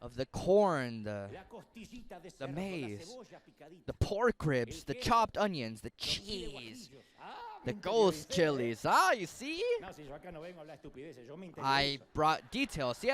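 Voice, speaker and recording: Male pastor, sermon, high and animated, playful storyteller.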